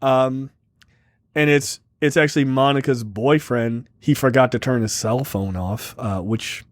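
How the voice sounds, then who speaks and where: A man's voice: mid-range voice, fairly even intonation, a little slow, no echo, clean studio sound. A man co-hosting a movie review podcast, recapping the plot casually with lots of fillers and joking asides. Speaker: podcast co-host.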